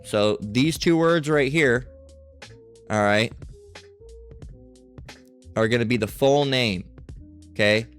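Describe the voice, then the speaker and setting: A man teaching a Bible study lesson at a middle pitch, with faint music under his voice. He stresses his points and tags nearly every phrase with "all right?" or "okay?" to keep the listener with him. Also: slow, pauses often. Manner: emphatic, keeps checking in with "all right?" and "okay?".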